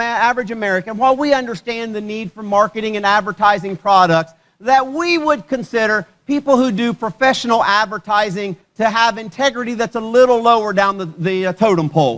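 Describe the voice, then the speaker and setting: A man's voice: sits high, a little fast, hardly any pauses, fairly bright tone. A male pastor giving a sermon at a church service, conversational and joking, often putting questions to the congregation.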